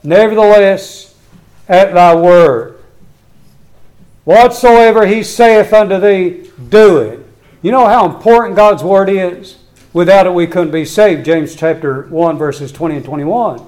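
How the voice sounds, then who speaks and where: A man's voice: high voice, unhurried, a little mellow, low-quality recording. A man preaching a sermon, reading scripture aloud with earnest emphasis and urging his listeners.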